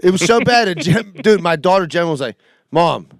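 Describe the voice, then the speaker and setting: A man's voice: high-pitched, lively intonation, brisk, slight background noise. A middle-aged man, a podcast co-host ranting profanely in a casual chat and often laughing.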